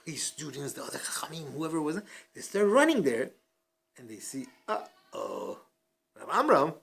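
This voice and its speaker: A man's voice: fairly high pitch, very animated, brisk, gravelly, husky. A man teaching a casual Talmud class, telling a story with many fillers and restarts and acting out the quotes. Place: study hall class.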